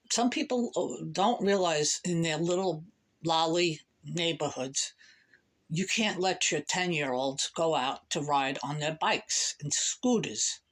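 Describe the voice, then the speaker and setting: A woman vlogging a rambling, profane monologue to camera, emphatic and animated. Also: fairly low pitch.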